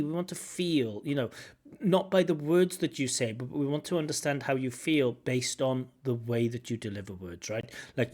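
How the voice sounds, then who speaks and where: A man working as a language examiner, giving lively spoken feedback on a candidate's test, recorded over a video call. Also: medium pitch. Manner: animated, acts out intonation with singsong syllables.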